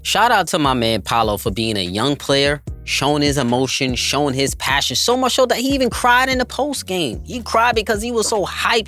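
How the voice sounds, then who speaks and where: A man with a fairly bright, somewhat high voice hosts a basketball podcast, giving enthusiastic commentary. He talks emphatically, hypes up players, and calls his listeners family.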